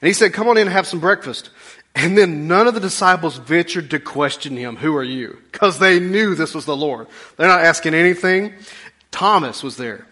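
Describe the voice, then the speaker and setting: A pastor preaching a sermon in a folksy, humorous way, swinging between loud bursts and hushed asides. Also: male voice, on the high side, moderate pace.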